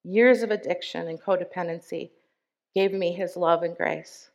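A woman speaking at a church service, reading a member's testimony aloud in an earnest, deliberate way with emphatic pauses. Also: lowish voice, fairly even intonation, gravelly.

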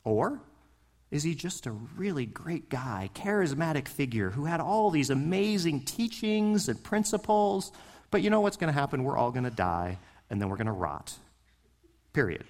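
A male pastor preaching with a lively voice that swings up and down. He talks to the congregation conversationally, putting questions to them and pressing his points with passion. His voice sits a little high for a man. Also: normal speed. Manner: passionate, rising and falling emphasis; conversational, asks the listeners questions. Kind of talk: sermon.

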